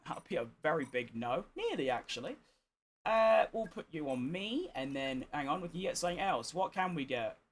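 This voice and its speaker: A tired, hoarse gaming streamer, chatting casually and getting exasperated as he plays. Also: fairly high pitch, lively intonation, normal speed. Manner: chatty, exasperated, swears freely. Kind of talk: casual gameplay commentary.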